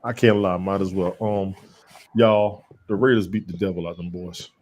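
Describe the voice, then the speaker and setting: A man's voice: deep voice, steady tone, normal speed, a little mellow, a little hiss or hum. A man hosting an online sports chat show, laid-back and slangy, often repeating words as he gets going. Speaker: podcast host.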